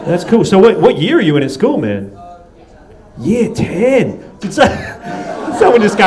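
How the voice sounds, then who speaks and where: A man's voice: sits high, wildly swooping pitch, measured pace. An Australian man hosting a stand-up comedy night, loose and profane, teasing the audience and laughing between lines. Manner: loose, swearing, teasing the crowd, laughing often. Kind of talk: stand-up crowd work. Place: comedy club stage.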